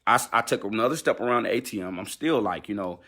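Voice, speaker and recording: Brief: male gospel singer, lowish voice, candid livestream account, animated, halting and full of fillers.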